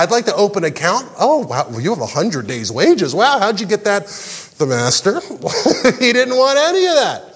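A man preaching a sermon as pastor, animated and jokey, acting out the characters' lines. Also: sits high, big-room sound. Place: large church hall.

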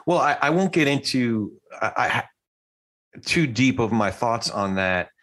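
A man's voice: mid-range voice, lively intonation, a little slow, a bit bright. Man, podcast host, thoughtful, hesitant restarts, conversational.

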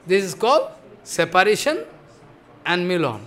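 A man delivers a devotional sermon in a high, bright voice. He is emphatic and questioning, repeating points and checking that listeners follow. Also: expressive, unhurried. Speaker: spiritual teacher.

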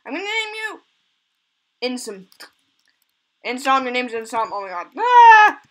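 A woman hosting a let's play, giving excitable commentary and gushing over cute animals. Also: a little high, moderate pace, low-quality recording. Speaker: gaming channel host.

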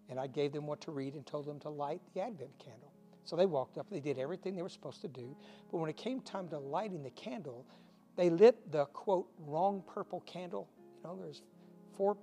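A man's voice: a little high, dark tone. A man preaching a short recorded devotional sermon as pastor, folksy and earnest, with self-deprecating asides.

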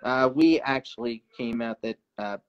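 A man's voice: normal speed, clear, resonant tone, natural voice. A man voicing an upbeat, jokey puppet buddy who talks in jumpy bursts, on a dull lo-fi recording. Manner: jumpy, jokey, swings in pitch. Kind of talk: live puppet show chat.

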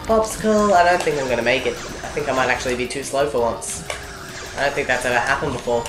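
A young woman with an extremely low, animated voice gives brisk let's play commentary as a gaming commentator. Rambling and jokey, she talks to herself while she plays, in an echoey room with game music behind her.

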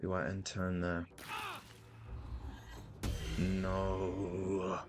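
Slow-talking man streaming gameplay. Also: low voice, over music. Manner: animated, playful, sudden loud outbursts; thinks aloud, repeats phrases. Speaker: streamer playing a video game. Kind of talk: live gameplay commentary.

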